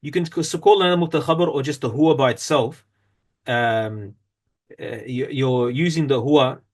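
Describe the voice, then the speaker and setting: A man's voice: mid-range voice, a little fast, darkish tone. Man teaching grammar from a textbook. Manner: explains step by step, reads from a textbook, many fillers and self-corrections. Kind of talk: classroom grammar lesson.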